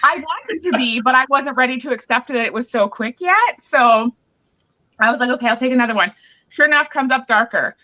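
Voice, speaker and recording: A woman's voice: sits high, fairly quick, sharp tone. Pregnant woman just chatting on a podcast, candid storyteller, kinda muffled sound. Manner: candid, chatty storyteller acting out both sides of a quarrel. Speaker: podcast host. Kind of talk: casual chat. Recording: muffled lo-fi recording.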